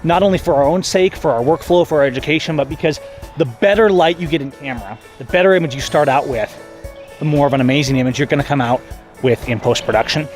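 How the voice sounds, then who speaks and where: A man in his forties vlogging outdoors in a park, talking excitedly about photography and often restarting his phrases. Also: fairly high pitch. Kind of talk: casual outdoor vlog.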